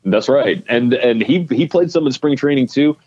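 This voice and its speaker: A man's voice: medium pitch, expressive, moderate pace, a little mellow, slightly rough, muffled recording. A man co-hosting a podcast, chatting casually about baseball prospects with plenty of restarts and fillers. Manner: rambling, many restarts and fillers. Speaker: podcast co-host. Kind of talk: casual sports chat.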